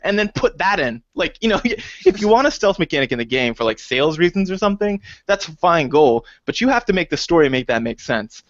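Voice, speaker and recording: A man co-hosting a casual podcast chat, talking lively and slipping into high, exaggerated quoted voices. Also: fairly quick, few pauses, no room sound. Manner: animated, jumps into high acted quotes. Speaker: podcast co-host. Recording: dull dry lo-fi recording.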